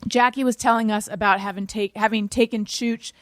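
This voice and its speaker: A woman hosting a podcast, animated and quick to laugh. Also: medium pitch, dry recording, clean studio sound. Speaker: podcast host. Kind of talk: casual podcast chat.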